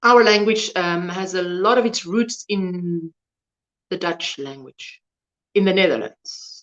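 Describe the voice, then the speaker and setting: A woman's voice: on the low side, takes it slowly, fairly bright tone, lo-fi sound. A South African woman, native Afrikaans speaker, hosting a crochet livestream, chatting casually and rambling as she reads out viewer comments. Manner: chatty, rambling, loses words mid-sentence.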